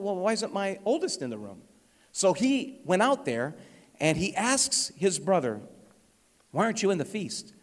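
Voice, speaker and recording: A man preaching a sermon as pastor, earnestly warning and exhorting his congregation in a church. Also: high-pitched. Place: church sanctuary. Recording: long reverb of a church hall.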